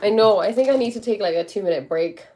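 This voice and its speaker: A young woman with a blocked nose, chatting casually on a livestream, with lots of likes and quick acted-out quotes. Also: mid-range voice, noisy background. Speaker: livestream host.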